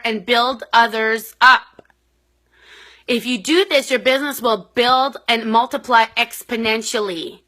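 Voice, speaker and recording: A Canadian woman with a high, sharp voice works as a direct sales consultant and gives casual, motivational business advice in a vlog. She's bubbly and chatty, acting out her conversations with others.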